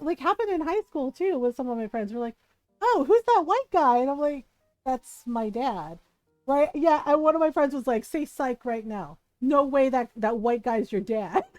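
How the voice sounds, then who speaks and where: A woman streamer from the United States telling a family story in casual, animated chat while she plays, laughing often and checking in with "right?". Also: high voice, measured pace, dry recording, soft background music, low-quality recording. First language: bilingual in Tagalog.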